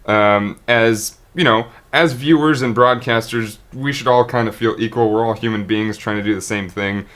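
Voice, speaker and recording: A man's voice: fairly low pitch, fairly even intonation, normal speed, a bit bright. A man, a streamer, talking unscripted to his viewers in a rambling, earnest way, often restarting and tripping over his words. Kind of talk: unscripted monologue to camera.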